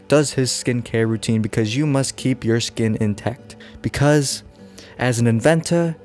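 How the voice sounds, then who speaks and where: A man's voice: medium pitch, a little mellow. A man hosting a podcast, making up a silly story, rambling and laughing at himself. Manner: rambling, giggly, self-interrupting. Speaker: podcast host. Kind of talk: improvised comic storytelling.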